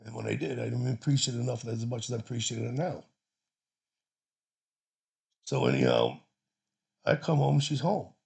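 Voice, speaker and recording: A man's voice: medium pitch, lively intonation, normal speed, creaky, pauses often, a little mellow, breathy edge. A man from Chicago casually telling a personal story, rambling and profane with many restarts. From Chicago, USA.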